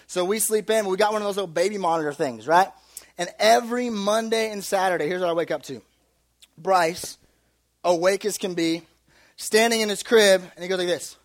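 A young adult man preaching a sermon as pastor, with lively, conversational storytelling and humor. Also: high-pitched.

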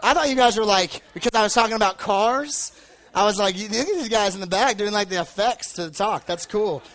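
Young guy preaching to a crowd, kinda high voice, super rambly, lots of likes, jokey. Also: fairly quick, fairly bright tone. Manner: rambling, filler-heavy, joking storyteller. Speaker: youth preacher. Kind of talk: casual sermon with personal story. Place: live talk before an audience.

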